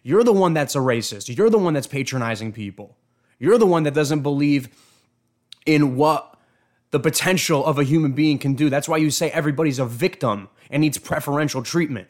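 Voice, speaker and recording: A man's voice: on the high side, a little fast, a little mellow. A man hosting an opinion commentary on video clips, indignant and emphatic, often stumbling and repeating words. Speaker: show host.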